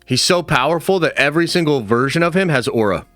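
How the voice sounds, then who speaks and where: Streamer dude reading chat, pitch jumps all over, dry close mic, swears a lot. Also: male voice, quick pace, no room sound, soft background music. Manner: casual, animated, swears freely. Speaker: streamer host. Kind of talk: livestream commentary with chat.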